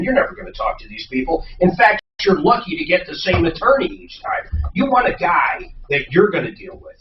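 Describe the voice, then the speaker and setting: A man reading a sponsor spot in a radio studio, telling a lively story with strong emphasis. He sits well away from the mic, so the room echoes around him. The sound is dull, with clear background noise. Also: on the high side. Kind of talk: off-air studio chat and ad read. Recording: roomy, distant mic, dull, noisy.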